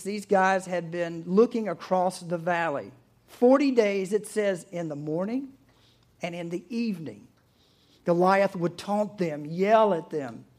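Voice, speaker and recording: A man's voice: sits high, a little mellow. A man preaching a sermon in a conversational way, retelling the story vividly. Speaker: pastor.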